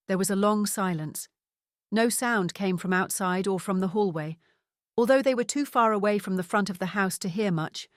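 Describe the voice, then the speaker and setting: Woman reading a mystery novel aloud, steady and measured, mid pitch, super dry close mic. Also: no room sound. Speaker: audiobook narrator. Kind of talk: scripted narration.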